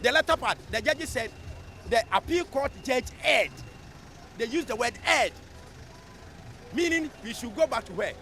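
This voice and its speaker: Ghanaian man, street interviewee: high-pitched, lively, emphatic delivery outdoors, faint music underneath. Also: a little slow, long pauses, slight background noise. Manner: animated, emphatic, mixing English with local speech.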